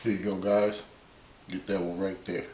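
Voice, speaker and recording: A man's voice: deep voice, flat delivery, normal speed, darkish tone, reverberant, distant mic, slight background noise. A man hosting a casual cooking vlog in his home kitchen, chatty, talking while he tastes his food. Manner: chatty, talks with mouth full while tasting. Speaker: cooking channel host.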